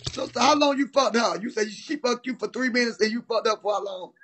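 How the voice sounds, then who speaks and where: Man guest, high voice, teasing and blunt, slangy casual chat. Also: quick pace, fairly bright tone, husky.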